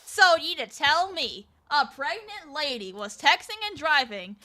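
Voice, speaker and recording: A woman's voice: high-pitched, sing-song, a little slow, sharp tone. A woman streamer casually telling a story while gaming. She rambles with many fillers and restarts and acts out the people in her story. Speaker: VTuber streamer.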